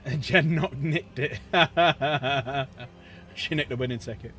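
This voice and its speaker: A man's voice: mid-range voice, takes it slowly, a bit bright. A man hosting a livestream, chatting casually and jokily with his viewers while painting miniatures. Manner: chatty, jokey, talks to chat. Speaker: livestream host.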